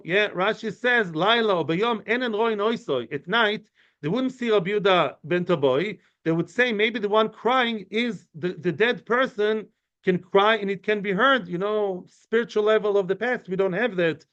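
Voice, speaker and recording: This Talmud teacher is a high-voiced man leading an informal study class at a moderate pace, his tone fairly bright. He chats his way through explanations with lots of fillers and asides and answers students' questions, all captured in a muffled, lo-fi recording.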